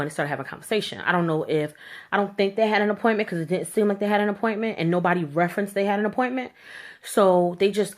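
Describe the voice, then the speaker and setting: Woman, low-ish voice, animated storytime rant, blunt, slangy, swearing. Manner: slangy informal speech. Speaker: vlogger.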